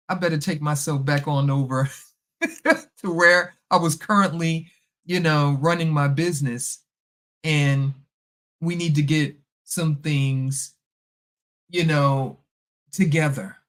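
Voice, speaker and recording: A middle-aged woman talks through a personal story in a relaxed, chatty monologue. She is animated and keeps slipping into the voices of the people in her story. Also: low-pitched, takes it slowly, long pauses. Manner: animated, acts out past conversations. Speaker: podcast host.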